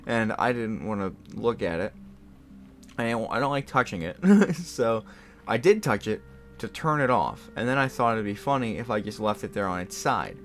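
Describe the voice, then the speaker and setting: A man's voice: fairly low pitch, animated, normal speed, soft background music. A young man hosting a gaming video, telling a rambling story with lots of fillers and frequent laughter. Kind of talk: casual storytelling while playing a game.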